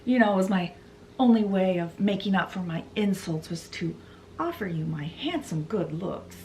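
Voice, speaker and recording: A woman's voice: on the low side, expressive, moderate pace, a little mellow, a little hiss or hum. A woman voicing a charming young male barrister who banters playfully.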